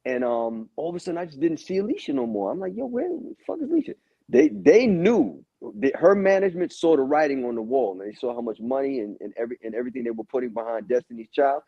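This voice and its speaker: A man's voice: mid-range voice, rapid-fire, hardly any pauses, no room sound. A man guest on a podcast interview, telling stories in a laid-back, casual way, swearing and acting out what people said. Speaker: guest musician. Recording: dull lo-fi audio.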